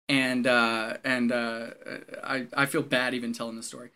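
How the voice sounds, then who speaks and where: A man, a former Marine, telling a story in casual chat, animated and profane, often laughing as he talks. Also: mid-range voice, measured pace, few pauses, smooth.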